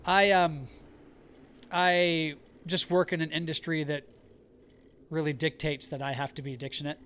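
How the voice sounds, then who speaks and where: A man's voice: on the high side, fairly even intonation, unhurried, fairly bright tone, slight background noise. A man from the American South chatting casually with viewers while playing a survival game live, talking with a neutral accent. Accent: neutral American, Southern only when angry. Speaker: streamer. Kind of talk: live gameplay chat.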